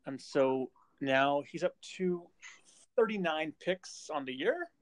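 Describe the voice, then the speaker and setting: Guy hosting a podcast, kinda high voice, dry close sound, just chatting. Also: no echo. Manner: chatty, repeats words while checking facts. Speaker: podcast host. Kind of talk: casual chat.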